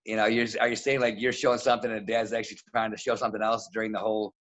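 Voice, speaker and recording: A man talking as a wrestling coach in a casual interview, blunt and animated, acting out what people said. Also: on the low side, very fast. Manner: blunt, animated, acts out quotes. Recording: dull lo-fi audio.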